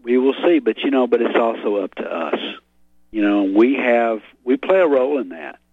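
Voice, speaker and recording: Stammering mid-pitched man on talk radio. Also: lively intonation, moderate pace, husky, no echo. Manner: hesitant, stammering restarts. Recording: dull dry radio audio.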